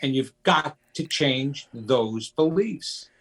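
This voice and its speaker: A man talking as a guest in an interview, slow and emphatic, sometimes acting out childish voices. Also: medium pitch, animated, slightly rough. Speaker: psychic medium guest. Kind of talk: conversational interview.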